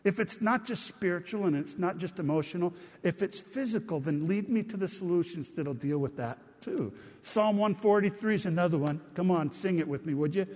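A man's voice: high-pitched, fairly quick, few pauses, a little mellow. A middle-aged man preaching a sermon as pastor, talking conversationally and calling out to his congregation. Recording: long church reverb.

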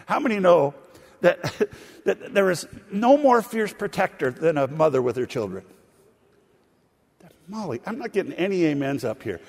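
A man's voice: high voice, animated, normal speed. A pastor preaching a sermon to his congregation, telling stories and throwing asides to the people in the pews. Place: church sanctuary. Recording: long hall reverb.

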